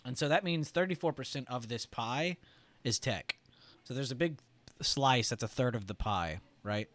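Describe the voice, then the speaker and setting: Chatty man clearing his throat. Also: mid-range voice, normal speed, a bit bright, no echo. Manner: loose and chatty, heavy on "like" and "right?". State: throat irritated, choking up. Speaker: trading stream host. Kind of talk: casual livestream explanation.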